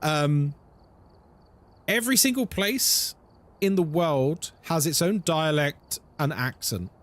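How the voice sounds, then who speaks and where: Guy streaming and chatting with his viewers, fairly high voice that bounces all over, swears a lot, keeps slipping into silly voices. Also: slow. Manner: animated, swears freely, drops into mock voices. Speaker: live streamer. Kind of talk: casual live-stream chat with viewers.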